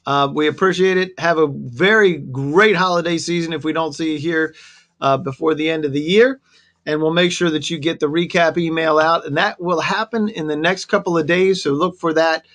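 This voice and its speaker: A man's voice: a little high, normal speed. A man hosting an online government briefing, friendly as he walks through a list of web resources. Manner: friendly, lists web resources in a steady presenter tone. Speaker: webinar host.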